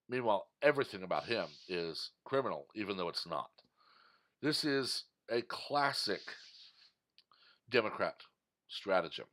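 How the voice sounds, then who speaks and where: A man from Texas, mid-pitched, holds forth in a heated commentary monologue. His delivery is indignant and emphatic, pressing his points hard as he rants. He sounds like a regular talking straight to his viewers. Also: a bit bright. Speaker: political commentator.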